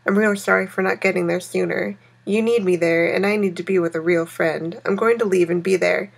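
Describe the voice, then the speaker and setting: A woman voicing a tired young man calling a friend by phone, in a breathy, sleepy way, in a text game read aloud. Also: fairly low pitch, fairly even intonation, fairly quick. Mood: rushed.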